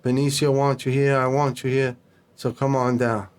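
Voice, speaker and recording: A man telling stories as a podcast guest in a casual, animated, profane way, acting out the dialogue. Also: mid-range voice, moderate pace, clear, resonant tone. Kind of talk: casual storytelling.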